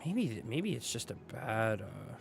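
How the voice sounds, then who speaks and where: A man's voice: medium pitch, big pitch swings, a little slow, creaky. A young man hosting a casual livestream chat, laid-back and slangy, greeting viewers and laughing often. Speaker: streamer host.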